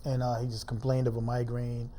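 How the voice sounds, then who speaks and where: Dark-voiced man telling a painful story. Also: mid-range voice, completely flat delivery, slight background noise. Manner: informal, halting speech with many fillers. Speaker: interview guest. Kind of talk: emotional personal storytelling.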